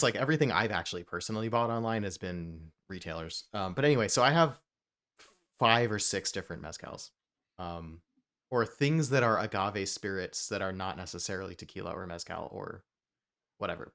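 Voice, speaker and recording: Low-voiced rambling whiskey show host. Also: male voice, fairly quick, gravelly, a bit bright. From New Jersey. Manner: rambling, with many fillers and asides. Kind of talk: casual chat.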